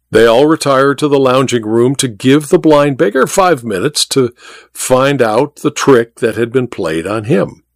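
A man narrating an audiobook in a lively, expressive way. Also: mid-range voice, no room sound, clean studio sound.

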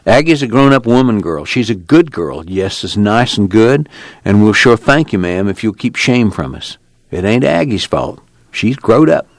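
This is a humble, worried farmer father, earnest and pleading in a plain rural dialect, as a man reads him. The voice is low and close. The sound is dry. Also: sing-song, moderate pace, dry recording.

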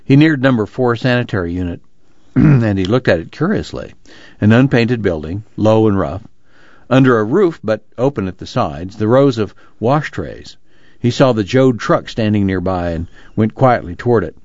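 Low-voiced male narrator, measured. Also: animated, a little mellow, no room sound, dull audio. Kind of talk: audiobook narration.

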